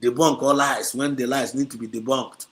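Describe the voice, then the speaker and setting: Nigerian male livestream host, combative, repeats his points, mid-pitched voice. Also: steady tone, normal speed, fairly bright tone. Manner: combative, repetitive, mixes Igbo and Pidgin. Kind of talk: heated livestream commentary. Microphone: streaming setup.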